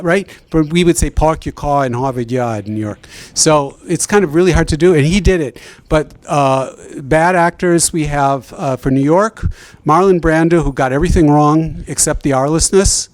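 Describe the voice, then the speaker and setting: Guy talking at a symposium, kinda higher voice, dry close sound, wry and chatty. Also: moderate pace, no room sound. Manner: chatty, wry, self-interrupting. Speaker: sociolinguist guest speaker. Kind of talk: academic Q&A answer.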